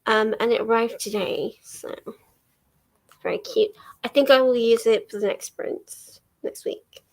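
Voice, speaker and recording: A woman's voice: a little high, fairly even intonation, normal speed. An English young woman hosting a book livestream, chatting casually with many ums and small laughs. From England. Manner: chatty, rambling, lots of ums and little laughs. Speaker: book vlogger hosting a reading sprint. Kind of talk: casual chat to a livestream audience.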